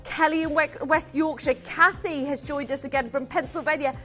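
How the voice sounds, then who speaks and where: A woman presenting live on a shopping channel, gushing with excitement and rattling off buyers' names as she pitches. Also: moderate pace, soft background music.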